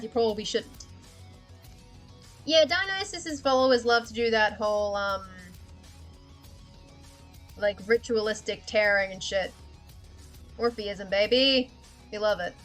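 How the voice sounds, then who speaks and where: A woman with a slightly high voice streams herself drawing, rambling loosely and laughing at her own thoughts. Her talk is loose and unscripted, thinking aloud as she works. Soft music plays faintly in the background. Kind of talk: casual livestream chat while drawing.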